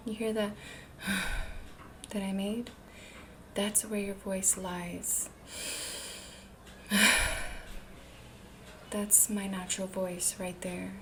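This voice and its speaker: A woman delivering motivational self-help advice in a measured, unhurried way. Her voice often sinks into a breathy half-whisper, with a medium pitch for a woman and faint noise behind her. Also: flat delivery, a little mellow. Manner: slow, deliberate, often breathy and near-whispered; demonstrates different ways of speaking.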